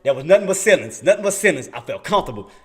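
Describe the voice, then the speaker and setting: An excitable man talking through his trades on a live stream in a slightly high voice. He is chatty, laughs often with his viewers, and mutters under his breath while he hunts around his screen. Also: very fast, breathy edge. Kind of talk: casual livestream trading commentary.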